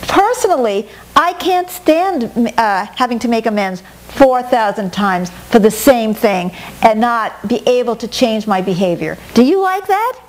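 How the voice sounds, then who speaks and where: A middle-aged woman teaching a talk on personal growth, animated, often acting out quoted inner voices. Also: a little high, a little slow. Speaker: workshop teacher.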